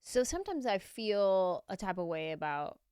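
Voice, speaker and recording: Smooth-voiced woman hosting a podcast. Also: medium pitch, very animated, no room sound, clean studio sound. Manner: warm encouraging listener, quick reactions. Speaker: podcast host. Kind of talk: casual podcast chat. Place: podcast studio.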